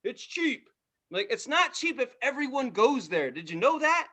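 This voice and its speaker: A man's voice: very high-pitched, very animated, moderate pace, bright, forceful tone. A man co-hosting a podcast, chatting casually and ranting with profanity, now and then slipping into mock voices. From US East Coast. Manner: rants with profanity, slips into mock Southern voices. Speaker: podcast co-host. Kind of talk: casual comedic chat.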